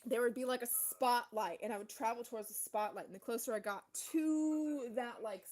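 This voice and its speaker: A woman talking in an unscripted personal vlog monologue. She rambles with heavy swearing and many fillers, swinging between low, fast murmuring and loud, intense outbursts. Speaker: vlogger.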